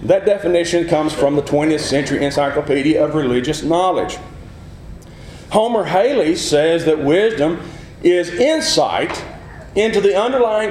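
A man preaching a sermon, teaching earnestly, asking the listeners questions and acting out quick replies. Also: fairly high pitch, darkish tone, reverberant, slight background noise.

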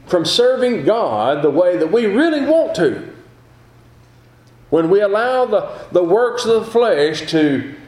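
High-voiced older preacher. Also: male voice, darkish tone. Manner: folksy, conversational preaching with rhetorical questions. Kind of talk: sermon. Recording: echoey room.

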